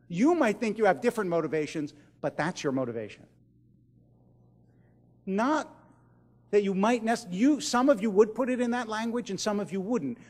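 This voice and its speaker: A middle-aged man, a rabbi, telling stories in a speech to a large audience, pausing for effect and dropping to a hush on the key lines. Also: high voice, long reverb tail. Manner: dramatic pauses, drops to a hush at key lines. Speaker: rabbi giving a keynote speech. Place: large event hall.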